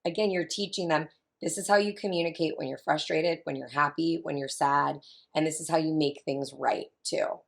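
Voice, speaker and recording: A woman in her thirties with a low voice and a touch of vocal fry. She talks chattily and with emphasis, circling back to repeat her main points as a guest. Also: steady tone, moderate pace. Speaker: family consultant guest. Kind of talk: casual interview talk.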